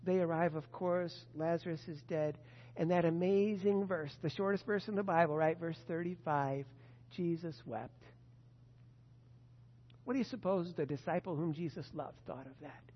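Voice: medium pitch, steady tone, normal speed, big-room sound, highs cut off. A preacher giving a sermon, retelling scripture as a story and asking the listeners rhetorical questions. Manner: storytelling with rhetorical questions, addresses a disciple directly.

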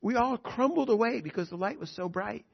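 A man's voice: high voice, lively intonation, brisk, gravelly, husky, highs cut off. A man teaching a Bible study lesson, reading scripture aloud and then explaining it in plain words, with rhetorical questions to his listeners.

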